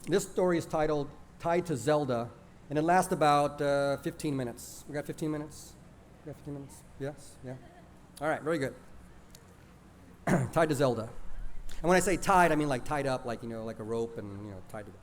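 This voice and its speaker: A man reading his own stories aloud to a live audience in a lively, expressive storytelling manner. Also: medium pitch, fairly quick, slight background noise.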